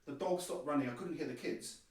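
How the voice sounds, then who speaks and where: Male podcast guest, lively storyteller who voices the dialogue; slightly high voice, recorded at a distance. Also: brisk. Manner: animated, acts out quoted dialogue. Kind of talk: personal storytelling. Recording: very echoey room, distant mic.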